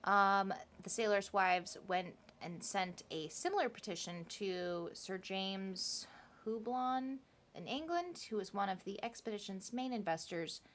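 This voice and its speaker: A woman's voice: medium pitch, a bit bright. A woman co-hosting a podcast, telling a history story in a casual, chatty way with laughing asides. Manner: chatty, laughing asides and playful quoted voices.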